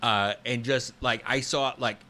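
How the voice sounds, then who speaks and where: Rambling bright-voiced man in his fifties. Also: mid-range voice, fairly even intonation, a little slow. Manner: rambling, storytelling with many fillers and restarts. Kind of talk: casual podcast conversation.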